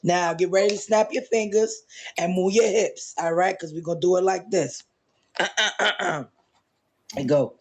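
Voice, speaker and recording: A high-voiced man speaks through a hoarse, worn voice. He is a guest poet telling a backstory in a hyped, chatty, slangy way before he performs. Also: steady tone, normal speed, a little mellow, a little hiss or hum. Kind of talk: casual chat before a performance.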